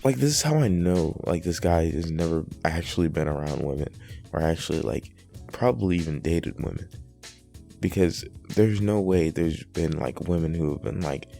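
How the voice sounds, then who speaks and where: A man's voice: low-pitched, normal speed, vocal fry, dark tone, soft background music. A man hosting reaction commentary, exasperated and rambling with many fillers. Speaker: commentary host.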